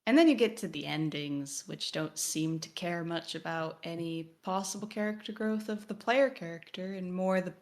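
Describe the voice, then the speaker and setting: A woman podcast co-host with a slightly low voice. She talks things through casually and throws in wry, joking asides. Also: moderate pace, hardly any pauses, a little mellow. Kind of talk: casual discussion.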